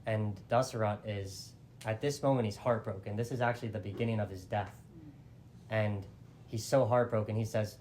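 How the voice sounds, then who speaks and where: A man's voice: fairly low pitch, fairly even intonation, moderate pace, a little mellow, a little hiss or hum. A man telling an old epic in a casual, chatty way, full of fillers like "like" and small restarts. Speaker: storyteller. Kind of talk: casual oral storytelling.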